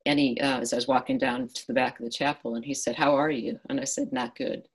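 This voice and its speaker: A middle-aged woman speaks with a deep, breathy-edged voice. She tells a personal story as an interview guest, earnestly reenacting her own past conversations. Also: steady tone, fast, poor audio. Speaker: guest author.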